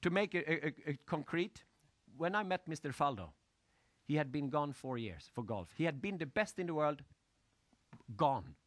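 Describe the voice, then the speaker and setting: Lively man giving a talk. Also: a little high, normal speed, no room sound. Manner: animated, storytelling, asks the audience questions; loose, broken grammar. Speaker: motivational speaker. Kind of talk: lecture to an audience.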